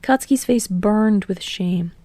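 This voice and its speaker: A woman reading a fan story aloud as narrator, steady and expressive. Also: medium pitch, slow pace, no echo. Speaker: podfic reader.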